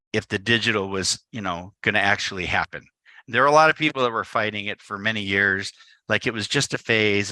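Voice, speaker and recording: A man's voice: fairly low pitch, bright, forceful tone, no room sound. A man, a photographer, giving a live talk to an audience and telling a playful story that he acts out in little dialogues. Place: event space.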